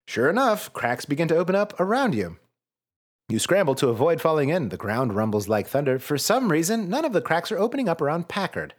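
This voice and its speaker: A man reading a gamebook aloud with comedic asides on a podcast, animated and swearing. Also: on the high side, a little fast, slightly rough. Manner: animated, swearing, mock-dramatic. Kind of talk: comedic read-through with commentary.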